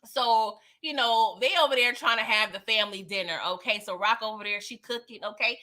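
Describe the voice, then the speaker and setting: This TV recap host talks briskly with few pauses, her fairly high voice sharp in tone. During the live episode chat she's slangy and emphatic, laughs a lot, and keeps asking "okay?" after her points.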